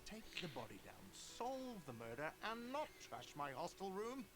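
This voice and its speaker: A man's voice: sits high, very animated, normal speed, fairly bright tone. A man in his late twenties voicing a disdainful barman in a video game, speaking in a sarcastic, mocking drawl. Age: late 20s.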